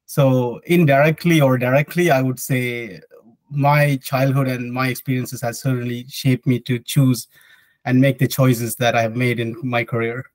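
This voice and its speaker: A man's voice: mid-range voice, fairly even intonation, moderate pace, no echo, poor audio. A young man, an engineer, answering interview questions in a sincere, reflective way. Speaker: hydrological engineer and board member.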